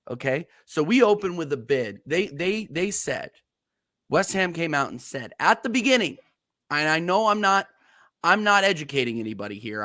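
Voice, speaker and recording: A man's voice: mid-range voice, fairly bright tone, dry recording. Ranting man on a dry podcast mic. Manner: heated, ranting, repeats words when worked up. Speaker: co-host of a football podcast. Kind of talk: casual chat.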